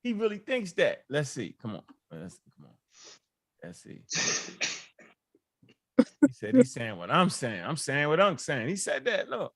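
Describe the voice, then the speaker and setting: A man with a fairly high, very lively voice reacts to a clip in disbelief. He talks loosely in slang, keeps breaking into laughter and urges his listeners to look again. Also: unhurried, pauses often, no room sound. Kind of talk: casual reaction commentary.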